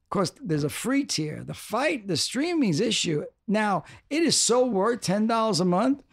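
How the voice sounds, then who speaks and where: A man's voice: high voice, big pitch swings, unhurried, dry recording, studio quality. An older man talking as a podcast guest, rambling, restarting and repeating for emphasis. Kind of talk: casual interview talk.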